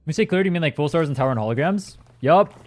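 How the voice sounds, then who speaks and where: A man's voice: fairly high pitch, expressive, very fast, a little mellow. A young man streaming a game, chatting in a rambling, casual way with plenty of swearing, his throat a little strained. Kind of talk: casual gaming stream chat.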